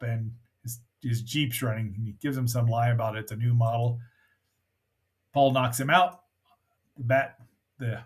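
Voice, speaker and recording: A man's voice: mid-range voice, a bit bright. A man hosting a casual review of an old film, rambling and chatty with many fillers and asides. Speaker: movie reviewer host.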